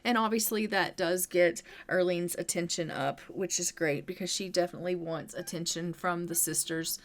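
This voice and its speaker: Chatty woman narrating a life-sim game. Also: fairly low pitch. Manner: chatty, narrates every step, voices the sims in quick asides. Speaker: gameplay narrator. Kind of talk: casual let's-play commentary.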